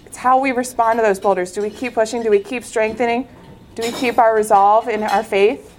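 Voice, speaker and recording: A woman who is a former Olympic swimmer gives an inspirational faith talk, telling her story in an earnest, animated way. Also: a little high, fairly quick, a little hiss or hum.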